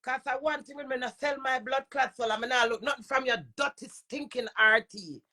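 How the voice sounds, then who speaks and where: A woman's voice: sits high, fairly quick, sharp tone. A woman with a Jamaican accent and a runny nose, ranting in heated, profane patois. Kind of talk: angry rant to camera.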